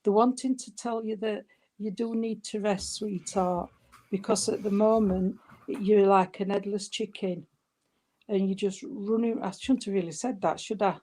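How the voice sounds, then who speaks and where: Mellow-voiced woman giving a medium reading. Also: medium pitch, steady tone, a little slow. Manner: gentle, soothing, calls the listener sweetheart and darling; hesitant, with frequent restarts. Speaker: spiritualist medium. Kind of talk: giving a spirit reading at a service.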